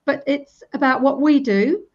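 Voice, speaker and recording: Speaking at a measured pace in a high register, this fiftysomething woman is an EFT practitioner guesting on a casual interview. She demonstrates her method by tapping and voicing example self-talk as she explains it. The audio is dull and lo-fi.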